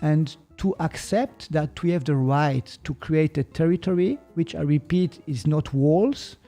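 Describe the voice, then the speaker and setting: Swiss German-accented male guest, slightly high voice, unhurried and explanatory. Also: soft background music. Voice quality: searches for words, mixes in German. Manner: calm, explanatory, hesitant. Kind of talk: reflective podcast conversation.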